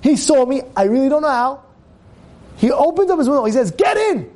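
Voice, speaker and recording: A man tells a story in an animated sermon. His voice sits unusually high for a man. He restarts and repeats words as he builds the story. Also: a little fast. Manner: lively, repeats words, acts out quotes. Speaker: rabbi teaching a Torah class.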